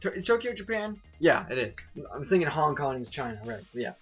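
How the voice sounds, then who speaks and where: A man's voice: on the high side, very animated, quick pace, a bit bright, breathy edge, soft background music. A man casually commenting on a video game he is playing, rambling and self-mocking with lots of "like" and restarts. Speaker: let's play host.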